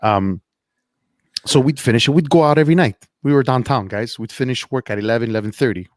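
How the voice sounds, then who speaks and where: A man co-hosting a casual podcast, telling stories in an animated way, repeating words and laughing often. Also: medium pitch, quick pace, no room sound. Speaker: podcast co-host. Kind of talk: casual podcast chat, storytelling. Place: Montreal.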